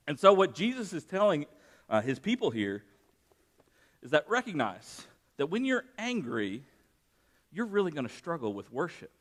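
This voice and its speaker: Guy preaching, kinda high voice, chatty sermon w/ stories, gets loud on the big points. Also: very animated, moderate pace, pauses often. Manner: conversational preaching with personal anecdotes, rising for emphasis. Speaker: pastor.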